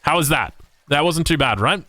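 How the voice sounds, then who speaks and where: A man's voice: fairly high pitch, animated, normal speed, bright, forceful tone. A man casting a strategy game match play by play, upbeat and joking, often asking his co-caster questions. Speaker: esports caster.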